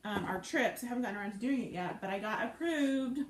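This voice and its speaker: This cooking show host talks fast, with a slightly high and expressive voice. On her live stream she keeps things playful, reading viewer comments as she cooks, and the echoey room has faint noise.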